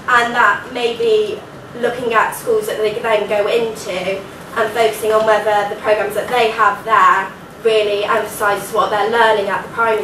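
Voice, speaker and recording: A young woman with a nasal voice presents her research in an earnest, informal way, leaning on "so" and "like." She sounds distant from the mic in a reverberant lecture hall, with a noticeable room hum underneath. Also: mid-range voice. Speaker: student presenter. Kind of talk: academic conference presentation. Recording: echoey hall recording from far off.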